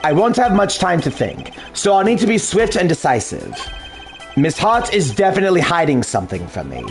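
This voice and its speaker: A man voicing a composed, calculating male investigator who speaks in a measured, formal way. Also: sits high, wildly swooping pitch, faint music behind, full character voice.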